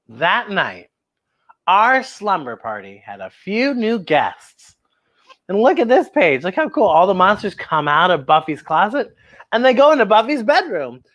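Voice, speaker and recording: A woman hosting a children's story time, reading a picture book aloud in an animated, expressive way and exclaiming over the pictures. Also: mid-range voice, unhurried, highs cut off.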